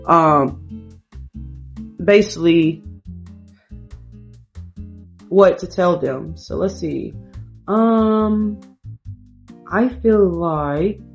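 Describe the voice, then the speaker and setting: Woman chatting thru her gameplay in aave, kinda low voice, soft guitar music behind. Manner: chatty, talks to her viewers and the game. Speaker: gameplay streamer. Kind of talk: casual let's-play commentary.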